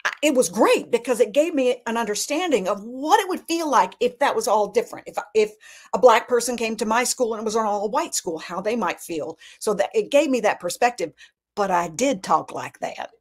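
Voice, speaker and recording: Her voice sits on the high side and she talks a little fast. She's a middle-aged Alabama woman guesting in a casual chat, telling family stories with animation and lots of restarts.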